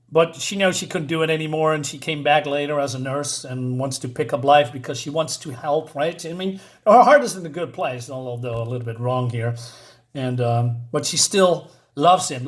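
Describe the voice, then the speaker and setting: A man's voice: on the high side, normal speed. Chatty man reading comic panels aloud. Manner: reads dialogue in loose put-on voices, laughs often, many fillers. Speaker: comic book reviewer.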